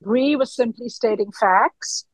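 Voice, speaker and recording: The guest is an actress in her fifties chatting casually in an interview, earnest and animated, trailing off and using fillers. Her voice is a little high and slow-paced, in a rough recording with no room sound.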